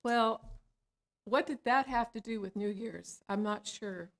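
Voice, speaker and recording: A woman, a licensed spiritual practitioner, leading a guided meditation in a slow, soothing cadence in a church hall. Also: fairly high pitch.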